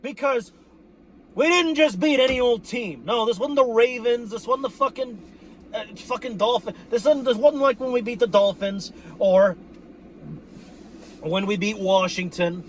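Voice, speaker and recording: Rowdy high-voiced man ranting in a car. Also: measured pace, a little hiss or hum. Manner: boisterous, profane, shouting bursts. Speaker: football fan vlogger. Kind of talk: post-game victory rant. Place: inside a car.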